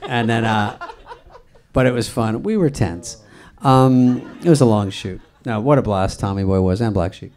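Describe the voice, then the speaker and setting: A man's voice: fairly low pitch, moderate pace, a little mellow. A man telling a casual, wry anecdote as a panel guest at a conference. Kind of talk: casual storytelling on stage. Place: conference stage.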